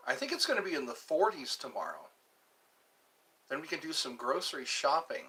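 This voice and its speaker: A man's voice: on the high side, pushed and bright. A man hosting his own casual vlog, musing aloud and drifting from one topic to the next. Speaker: channel host. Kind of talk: casual solo vlog chat. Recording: voice a bit far from the mic.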